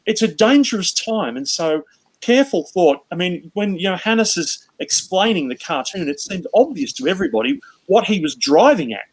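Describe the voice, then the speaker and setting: Man, panel guest, opinionated, conversational, slightly high voice. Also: low-quality recording. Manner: opinionated, plain-spoken. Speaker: guest cartoonist. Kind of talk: casual panel chat.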